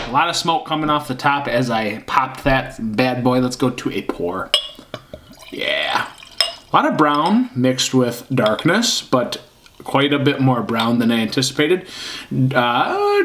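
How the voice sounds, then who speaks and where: A man's voice: medium pitch, noisy background. A man casually reviewing a beer on camera, rambling and hunting for words with lots of fillers. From Michigan.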